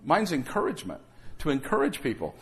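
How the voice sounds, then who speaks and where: A man's voice: on the high side, wildly swooping pitch, fairly quick, a bit bright, slightly rough. A man pastor preaching a sermon to his congregation, calling out for amens and acting out quotes. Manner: calls for amens, acts out quotes. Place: church sanctuary.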